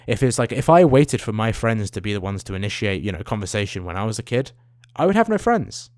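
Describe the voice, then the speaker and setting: A young man rants in a casual vlog. His voice sits fairly low and sounds close and dry, with almost no room sound around it. He swears freely and rambles, restarting his sentences as he goes. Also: fast, no echo. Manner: animated, swears a lot, trails off into tangents. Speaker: vlogger. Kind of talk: profane rambling rant.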